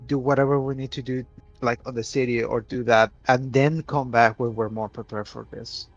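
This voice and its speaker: A man's voice: mid-range voice, fairly even intonation, moderate pace, soft background music. A man playing a tabletop game, chatting hesitantly and trailing off. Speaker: player. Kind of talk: casual tabletop game chat. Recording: dull lo-fi mic.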